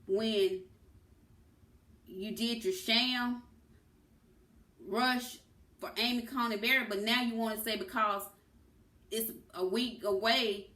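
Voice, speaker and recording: A woman speaks slowly and deliberately in an impassioned political monologue. She leans hard on key words. Her voice rings in an echoey room. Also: fairly high pitch, pushed and bright. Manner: impassioned, emphatic, stresses words. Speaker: political commentator.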